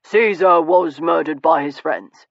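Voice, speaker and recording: Someone playing a wry, brooding young Victorian man in an audiobook, higher-pitched than most men and laconic in his replies. The voice sits close and dry, and the recording is somewhat dull and muffled. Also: measured pace, gravelly, dry recording. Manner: dry, laconic, turning wistful. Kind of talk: audiobook character dialogue.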